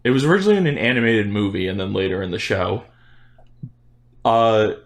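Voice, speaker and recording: Low gravelly man joking on a podcast. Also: big pitch swings, brisk. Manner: joking, blunt, swears casually. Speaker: podcast co-host. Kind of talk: casual podcast chat.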